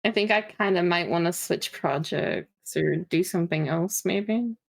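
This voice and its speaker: A woman's voice: lowish voice, a little slow, creaky, no room sound. A woman streamer chatting casually with a co-host, laughing a lot and swearing freely. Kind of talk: casual chat.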